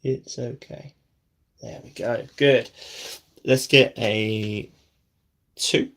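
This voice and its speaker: Slow, gravelly man building on camera. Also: mid-range voice, fairly even intonation, a bit bright. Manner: self-deprecating, talks to himself while building; drops to a near whisper while concentrating. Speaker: brick-building vlogger. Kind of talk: casual build commentary.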